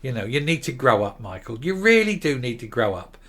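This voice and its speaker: A man's voice: medium pitch, very animated, brisk, fairly bright tone. An older man hosting an opinion commentary show, talking in a sarcastic, combative and scornful way. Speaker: commentary host.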